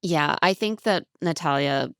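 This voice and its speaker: A low-voiced woman with a gravelly, smooth edge to her speech, chatting on a podcast. She recaps a show in a lively, casual way, slipping into quoted voices. Her voice is close and dry, with no room sound. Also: measured pace, dry recording. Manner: chatty, animated retelling with quoted voices and laughs. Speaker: podcast co-host.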